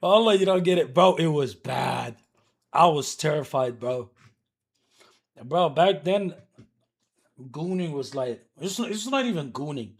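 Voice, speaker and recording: A man livestreaming and telling a story to his chat, animated and profane, moving between mutters and shouts. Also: on the high side, unhurried, creaky, long pauses, breathy edge.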